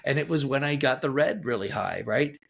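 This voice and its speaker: A man's voice: medium pitch, expressive, a little fast, vocal fry, husky. A middle-aged man, an executive coach appearing as a guest, telling anecdotes emphatically and restarting his sentences often. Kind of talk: conversational storytelling.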